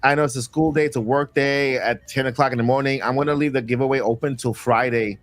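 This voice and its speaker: A man's voice: mid-range voice, fairly even intonation, no room sound. A man from Florida hosting a casual stream chat, rambling and restarting his sentences. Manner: rambling, repeats words, halting restarts. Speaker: stream host.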